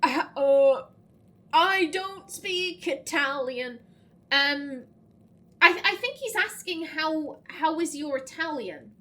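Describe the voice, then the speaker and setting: A woman's voice: high voice, animated, slow, a bit bright. A woman hosting a blind let's play, chatting casually, reading game dialogue aloud, giggly and stumbling over foreign words.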